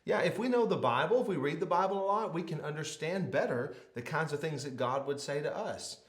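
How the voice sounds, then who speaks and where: A man's voice: fairly high pitch, fairly quick, reverberant. A man hosting a children's church video, coaxing a child through a mouthpiece game and turning it into a short Bible lesson. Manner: laughing, coaxing, animated. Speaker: children's ministry host. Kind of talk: playful kids' devotional.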